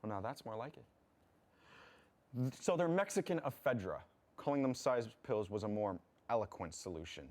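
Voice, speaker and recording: A man's voice: on the low side, lively intonation, moderate pace, darkish tone, natural voice. An actor playing a vain, scheming young man who speaks smugly and with theatrical disdain, in a comedic student film.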